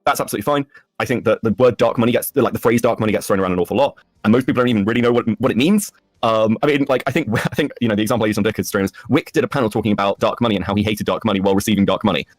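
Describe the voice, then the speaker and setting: Fast-talking low-voiced man. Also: no room sound, studio quality. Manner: rapid, candid, profane. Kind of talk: casual chat.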